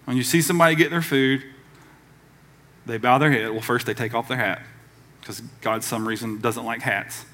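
A man's voice: medium pitch, steady tone, normal speed, long pauses, fairly bright tone, a little hiss or hum. A man from the American South preaching a conversational sermon as pastor, acting out quoted voices along the way.

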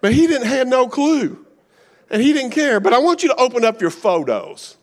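A man's voice: extremely high pitch, very animated, normal speed. A middle-aged man with a Kentucky accent, preaching a sermon as a guest speaker in a folksy, joking storytelling manner.

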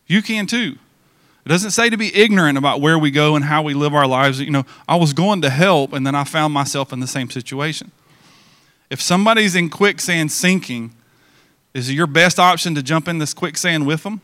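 A man preaching a sermon to his congregation in a church, talking in a conversational way with quick restarts and asides to the listeners. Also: on the high side, pushed and bright, no echo, clean studio sound. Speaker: pastor.

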